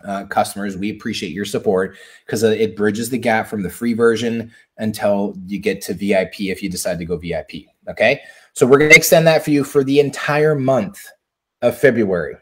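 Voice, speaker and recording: A man's voice: fairly low pitch, a little fast, husky. Chatty man hosting a live stream. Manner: chatty, keeps checking in with "okay?"; upbeat, asks viewers for a hallelujah. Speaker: livestream host. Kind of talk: casual live-stream announcement. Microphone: close personal mic.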